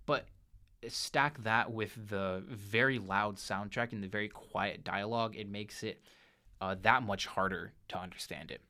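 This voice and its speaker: Animated young man reviewing movies. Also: lowish voice. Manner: animated, self-correcting, with frequent restarts and fillers. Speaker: host of a movie review show.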